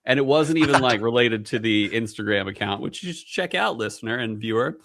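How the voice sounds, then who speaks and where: A male podcast host talking in a loose, joking way and drifting off into tangents with lots of filler words. His delivery is animated, with a bright and forceful tone and a pitch that moves around a lot. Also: fairly quick. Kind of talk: casual podcast chat.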